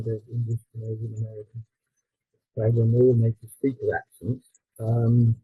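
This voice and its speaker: A man presenting his textbook at a conference, explaining with fillers and quick self-corrections. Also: medium pitch, dark tone, breathy edge, dry recording, poor audio.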